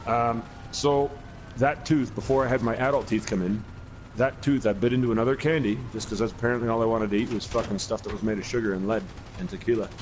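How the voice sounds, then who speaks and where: Fast-talking and steady in tone, this mid-range male voice belongs to a podcast co-host in his forties chatting casually while gaming. His long stories ramble, restart repeatedly, and overflow with swearing. The background is noisy.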